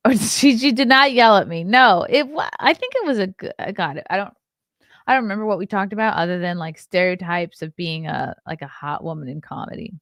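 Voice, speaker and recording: A woman's voice: on the low side, animated, fairly quick, fairly bright tone, dry recording, studio quality. Tired, chatty woman podcast host. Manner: chatty, rambling, reacts to viewer comments. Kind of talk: casual morning show chat.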